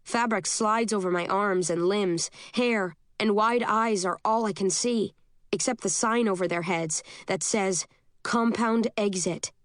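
A woman reading a first-person novel aloud as an audiobook narrator, steady and measured. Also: mid-range voice, dry recording, clean studio sound.

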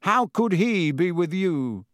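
A man's voice: sits high, lively intonation, slow pace, fairly bright tone, no room sound, studio quality, pitched above the performer's own voice, full character voice. A man voicing an impatient, intense middle-aged male wizard teacher in an audiobook reading. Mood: urgent. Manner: urgent, insistent, impatient.

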